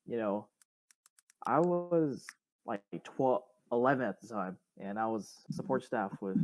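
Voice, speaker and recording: A man's voice: mid-range voice, no room sound. A young man telling a rambling anecdote in a casual podcast chat, full of fillers.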